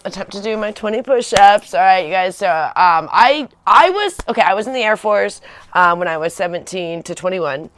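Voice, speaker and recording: A woman's voice: mid-range voice, a bit bright, no room sound. A woman in her forties chatting casually on a livestream, rambling with many fillers and restarts. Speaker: vlogger on a livestream.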